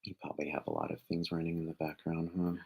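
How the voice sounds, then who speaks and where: Very deep gravelly man guiding a livestream. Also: little pitch movement, fast talker, darkish tone, low-quality recording. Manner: directs the other host step by step, laughs easily. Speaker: co-host. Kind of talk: casual live-stream chat.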